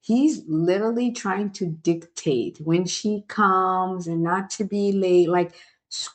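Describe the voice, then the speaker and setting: A young adult woman hosting a casual reality show recap, talking in an animated, incredulous and opinionated way. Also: lowish voice, takes it slowly. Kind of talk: casual review vlog.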